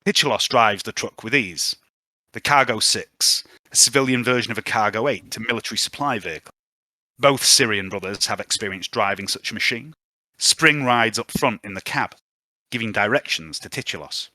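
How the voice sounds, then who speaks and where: A man's voice: on the low side, normal speed, sharp tone, no room sound, clean studio sound. A man narrating a tabletop game as game master, in an ominous, theatrical storytelling manner.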